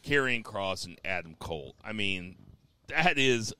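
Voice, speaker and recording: A man's voice: on the low side, measured pace, clean tone, no room sound. A man hosting a casual podcast chat, leading the segments and recapping matches. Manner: runs the segments, steady recap with fillers. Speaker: podcast host.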